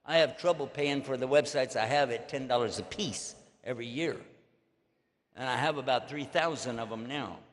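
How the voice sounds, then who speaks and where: A man's voice: medium pitch, moderate pace. An older man with a Texan accent, telling stories in a folksy, joking way to an audience as an Islamic preacher. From Texas. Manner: folksy, joking, drawling asides. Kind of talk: storytelling lecture to an audience. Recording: long echo of a large hall.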